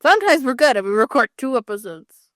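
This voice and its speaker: A woman's voice: sits high, sing-song, fast, no echo. A woman co-hosting a podcast, chatting casually with wry, dry jokes. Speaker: podcast co-host. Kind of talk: casual chat.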